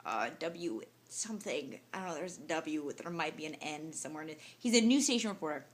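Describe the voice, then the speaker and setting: A woman's voice: sits low, fairly quick. Chatty, worn-out young woman vlogging. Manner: chatty, filler-heavy, animated storytelling. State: tired and emotional. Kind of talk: casual vlog to camera. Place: hotel room, indoors.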